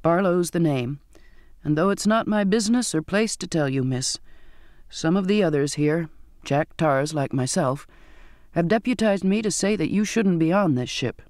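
A man's voice: on the high side, normal speed, darkish tone, no room sound, studio quality, natural voice. A man voicing a decrepit, cringing old male sailor who murmurs humbly. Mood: hangdog.

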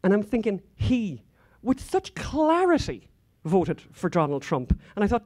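A woman's voice: medium pitch, very animated, measured pace, hardly any pauses, a little mellow. Irish woman, conference speaker, rambling anecdotes, lots of asides. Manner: chatty, rambling, frequent asides and fillers. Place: conference hall stage.

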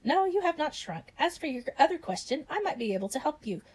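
A woman's voice: high voice, sing-song, fast, darkish tone, voice pushed up, poor audio. A woman voicing a tiny, helpful talking robin in a storybook reading.

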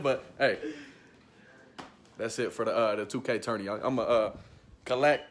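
A young man vlogging in a fast, slangy, hyped-up casual chat. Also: mid-range voice.

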